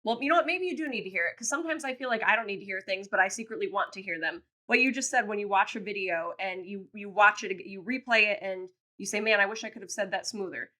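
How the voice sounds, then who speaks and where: A woman's voice: medium pitch, fast talker, hardly any pauses, pushed and bright. A woman co-hosting a podcast, earnestly encouraging her guest in casual chat. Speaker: podcast host.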